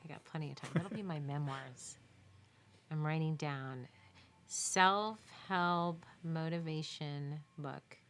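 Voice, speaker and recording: Chatty woman with a lowish voice. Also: takes it slowly, a bit bright. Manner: emphatic, chatty storytelling with laughs and quoted dialogue. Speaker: newborn and baby photographer answering viewer questions. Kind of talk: casual live Q&A.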